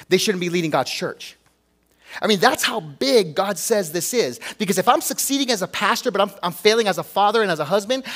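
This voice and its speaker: A man's voice: sits high, a bit bright. A man preaching a sermon as a pastor, earnest and emphatic, talking to the congregation conversationally and asking rhetorical questions.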